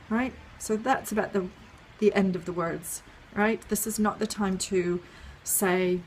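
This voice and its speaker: Woman calmly explaining, faint hiss. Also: medium pitch, moderate pace, few pauses. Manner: friendly, explains step by step with many ums and "right?". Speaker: parenting educator. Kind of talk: casual explainer video.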